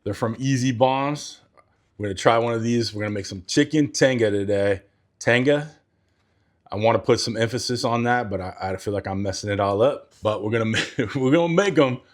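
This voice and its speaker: A man's voice: mid-range voice, fairly quick. Chatty man hosting a cooking vlog. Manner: chatty, self-mocking, stumbles over words. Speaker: cooking channel host.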